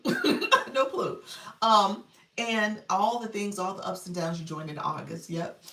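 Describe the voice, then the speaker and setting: A woman's voice: lowish voice, fairly bright tone, recorded from a distance. A middle-aged woman chatting on a live stream as a coach, reading viewers' comments aloud and laughing often. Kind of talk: casual live-stream chat. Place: room at home, child heard in background. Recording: roomy livestream audio from off-mic.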